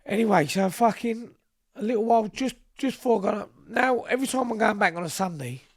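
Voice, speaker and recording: A young man tells stories in a loose, casual chat. His voice sits high, and he swears freely as he acts out both sides of each exchange. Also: quick pace. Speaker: podcast guest. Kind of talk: casual storytelling.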